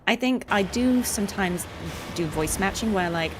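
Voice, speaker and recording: A woman's voice: mid-range voice, expressive, moderate pace, music in the background. A woman voice actor chatting through a game with lots of fillers and rambling asides. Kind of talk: casual let's-play commentary. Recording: game sounds under the voice.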